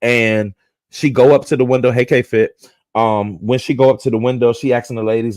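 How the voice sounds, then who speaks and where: A man hosting a casual livestream, retelling online drama in an animated, profane storytelling manner. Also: mid-range voice, brisk, no echo. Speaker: livestream host.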